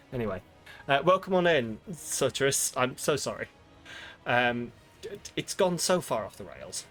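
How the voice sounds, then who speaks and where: A man's voice: mid-range voice, very animated, normal speed, fairly bright tone, soft background music. A young British man with a southern English accent, chatting playfully while streaming a game. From Britain. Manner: playful, self-mocking, tries silly voices. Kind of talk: live gameplay commentary.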